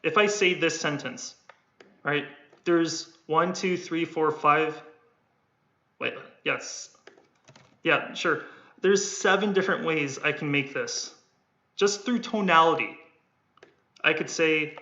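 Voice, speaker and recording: Speaking slowly with long pauses, a man in a casual livestream coaches on sales in a fairly high, bright, forceful voice. He rambles, repeats words, and acts out tones of voice over background keyboard typing. The recording is echoey and lo-fi, with a dull quality.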